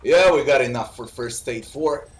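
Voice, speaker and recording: A man's voice: medium pitch, moderate pace. Man casually commenting on a game. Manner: casual, sardonic asides. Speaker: let's play host. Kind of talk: gameplay commentary.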